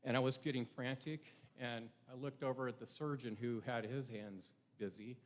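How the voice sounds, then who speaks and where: A man's voice: mid-range voice, fairly even intonation, normal speed. A middle-aged man giving a prepared ceremony speech, earnest and reflective, with rhetorical questions to his audience. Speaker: ceremony speaker.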